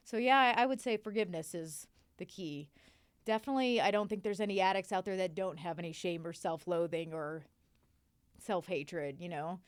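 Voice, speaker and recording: Smooth-voiced woman speaking openly. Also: fairly low pitch, normal speed, no echo, clean studio sound. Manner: open, emphatic, leans on "you know". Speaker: podcast guest. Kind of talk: candid recovery podcast talk.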